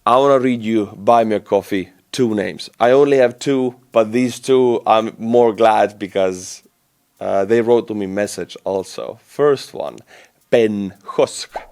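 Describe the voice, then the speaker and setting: A man with an Estonian accent giving casual, animated news commentary to his channel audience, talking conversationally with frequent fillers and restarts. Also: fairly low pitch, unhurried, clear, resonant tone.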